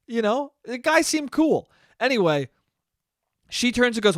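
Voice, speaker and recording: A young man with a fairly high voice tells a story on his solo podcast, animated and profane, breaking into laughing asides. He speaks close to the mic in a dry, dead room. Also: moderate pace, dry recording. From American suburbs. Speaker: podcast host. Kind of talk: casual solo podcast monologue.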